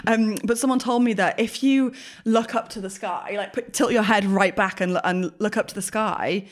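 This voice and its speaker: A woman's voice: mid-range voice, steady tone, moderate pace. Chatty self-mocking woman. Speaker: podcast co-host. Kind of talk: casual chat.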